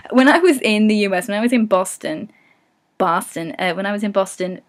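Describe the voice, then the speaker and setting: A woman's voice: medium pitch, a little fast, a bit bright. Woman, young adult, regional English accent, casual vlog chat, candid, swears freely, laughs a lot. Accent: English regional, non-RP. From England. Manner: chatty and candid, swears freely in mock rants, laughs often. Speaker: vlogger answering follower questions.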